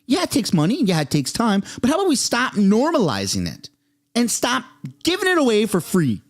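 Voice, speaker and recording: A man from Canada giving excitable, swearing live commentary as he reacts to political clips. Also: high-pitched, fairly quick.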